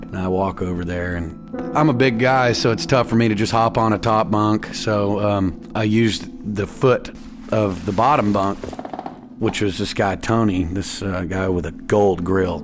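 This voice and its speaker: A man's voice: lowish voice, fairly even intonation, moderate pace. A young man, telling his own story in a casual, plainspoken way full of fillers. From East Texas. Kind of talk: personal story told to a radio show. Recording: music playing under the voice.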